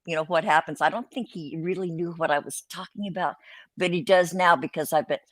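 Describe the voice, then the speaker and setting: A woman's voice: on the low side, fairly quick, dry recording. An older woman hosting a casual live-stream chat, rambling and swearing freely as she greets viewers. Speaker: host.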